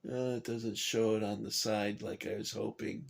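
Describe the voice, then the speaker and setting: Here the voice sits on the low side, level in tone and at normal speed, with vocal fry. It belongs to a man rambling casually on a kitchen vlog about his toy soldier collection, agitated and trembling after anger, cursing and then saying sorry.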